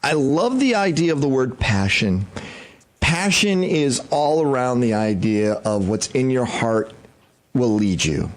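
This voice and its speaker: A man's voice: medium pitch, big pitch swings, measured pace. Chatty male talk radio host. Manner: rambling, chatty, thinking aloud with fillers. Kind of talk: casual talk radio hosting.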